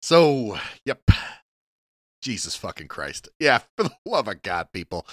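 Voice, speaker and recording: A man co-hosting a podcast in casual chat, rambling and profane with many halting restarts. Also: on the low side, sing-song, a bit bright, no room sound, studio quality. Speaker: podcast co-host.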